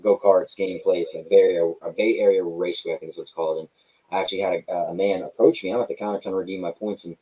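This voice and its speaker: Low-voiced, fast-talking man from Texas. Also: husky, poor audio. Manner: animated storyteller, acts out dialogue, says "man" and "brother" a lot. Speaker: professional wrestler guest. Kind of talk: casual interview chat.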